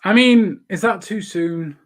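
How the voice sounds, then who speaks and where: A man's voice: sits high, unhurried. A man hosting a casual chat show, swearing freely and often restarting his sentences. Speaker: show host.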